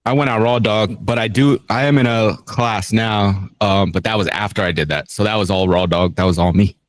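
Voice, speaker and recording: A man's voice: fairly low pitch, moderate pace, no echo. A man guesting on a podcast, laid-back and self-mocking, laughing at himself as he talks. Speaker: podcast guest, beginner stand-up comic. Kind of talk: casual podcast banter.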